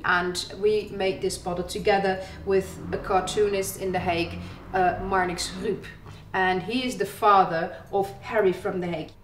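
A woman's voice: mid-range voice, fairly even intonation, normal speed, hardly any pauses, echoey room, a little hiss or hum, poor audio. A woman guiding a tasting tour in a distillery museum, explaining its history and listing flavours in a storytelling way. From Netherlands. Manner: explanatory, storytelling, lists products.

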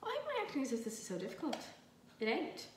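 A woman's voice: fairly high pitch, huge pitch swings, quick pace, far from the mic, a little hiss or hum. A young woman with a light Dublin Irish accent talks casually and rambles while she cooks, swearing freely and poking fun at herself. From Ireland, Dublin. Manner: chatty, rambling, self-mocking, swears freely. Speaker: vlogger. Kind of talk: casual chatty vlog while cooking. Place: home kitchen, indoors. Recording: echoey kitchen, voice a little off-mic.

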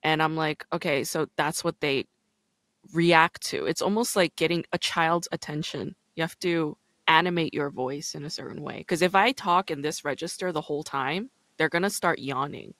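A woman hosting a casual podcast chat, with a low-register voice and a chatty way of talking full of "like" and "you know". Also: normal speed, hardly any pauses, fairly bright tone, dry recording. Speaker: podcast host.

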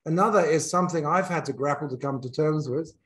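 A man's voice: on the high side, fast. A man with an English accent giving a reflective talk as a business school dean, speaking candidly and thinking aloud with frequent restarts. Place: in South Africa.

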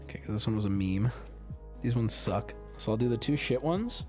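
Male streamer, casual and profane, very animated delivery over low background music. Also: normal speed. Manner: animated, swearing, jumps between loud bursts and mumbling. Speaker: streamer opening card packs. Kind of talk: casual live-stream chat.

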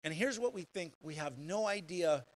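A male pastor preaching a sermon in a church, animated and conversational, full of rhetorical questions and quick restarts. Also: fairly high pitch, rough recording. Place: church sanctuary.

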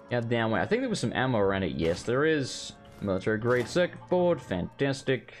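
A man rambles through casual gaming commentary, swearing freely. His speech rises and falls in a lively way over faint game music. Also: medium pitch, a little fast, hardly any pauses. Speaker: gaming host. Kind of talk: casual let's play commentary.

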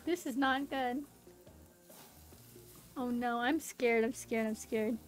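A woman streamer commentating her own gameplay, excitable and panicky, laughing often. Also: fairly high pitch, slow pace, soft background music. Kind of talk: live game commentary.

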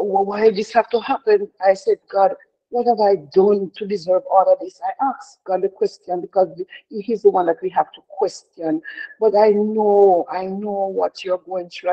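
A middle-aged woman leading a prayer devotion in an earnest, heartfelt way, often repeating herself and restarting. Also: on the low side. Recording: dull lo-fi sound.

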